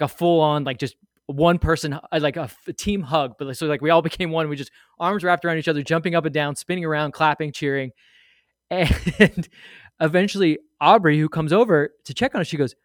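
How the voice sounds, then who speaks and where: Podcast guest, male, slightly high voice, rambling animated storyteller, dry close sound. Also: dry recording. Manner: rambling, animated storyteller with many fillers and asides. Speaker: guest sharing a fan memory. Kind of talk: casual storytelling.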